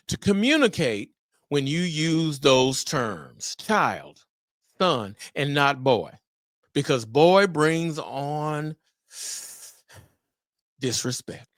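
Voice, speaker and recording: A middle-aged man hosting a solo podcast on fatherhood, talking in an animated, preacher-like way with exclamations. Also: on the high side, takes it slowly, dry recording, studio quality. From Memphis area, US. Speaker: podcast host.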